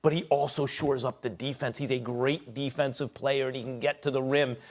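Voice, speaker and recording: A man's voice: mid-range voice, steady tone, fairly quick. A man debating basketball on a sports show, analytical and stammering as he works through his reasoning.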